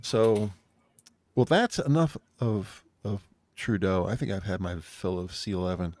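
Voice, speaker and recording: A man's voice: fairly low pitch, unhurried, a little mellow, a little hiss or hum. An American man co-hosting a podcast, chatting casually and rambling with restarts. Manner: rambling, repeats himself. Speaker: podcast co-host. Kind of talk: casual chat.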